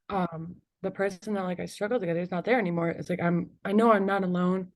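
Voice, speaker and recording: A young woman, an interview guest, telling a personal story in halting speech full of "like" and "you know", with nervous laughs between emotional moments. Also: lowish voice, steady tone, darkish tone.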